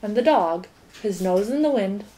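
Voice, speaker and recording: A woman narrates a storybook aloud with a measured, expressive delivery. Her voice sits in a middle pitch. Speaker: audiobook reader.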